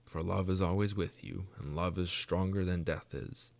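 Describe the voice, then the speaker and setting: A man reading aloud, voicing a sad, lonely old male ghost who speaks slowly in a low, dreamy way. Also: steady tone, vocal fry, darkish tone.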